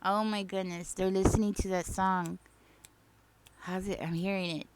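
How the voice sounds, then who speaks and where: A woman's voice: medium pitch, fairly even intonation, moderate pace, smooth. A woman giving a casual spoken tarot reading, chatty and reassuring, often tagging her sentences with "okay?" and "you know?". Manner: sings song snippets softly. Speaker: tarot reader.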